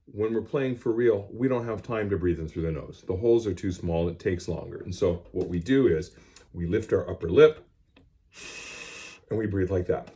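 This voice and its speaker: A middle-aged band teacher with a low voice that swings widely in pitch. He explains things plainly and directly to his students. He is recorded on a cell phone. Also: mellow. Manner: plain-spoken, direct and instructive. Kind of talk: music lesson to students.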